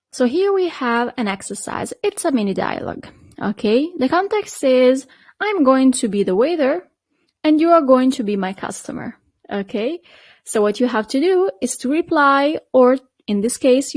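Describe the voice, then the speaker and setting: A woman with an Italian accent teaching an online Italian lesson, patient and checking in often with quick questions to the learner. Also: high voice, darkish tone, no echo. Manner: patient, checks in with frequent "okay?" and "perfect".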